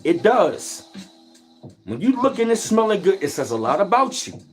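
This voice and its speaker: A man's voice: sits high, normal speed, soft background music. A man talking boastfully in a casual vlog monologue. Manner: boastful, animated street talk with repeated slang. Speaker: vlogger.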